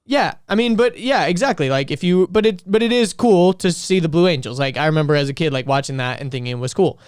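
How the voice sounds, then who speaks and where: A young male podcast co-host tells a story in loose, rambling chat full of filler words. His voice is smooth and clear and a little high for a man, recorded close and dry. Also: expressive, fast talker, no echo. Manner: rambling, many "like" fillers, laughs while storytelling.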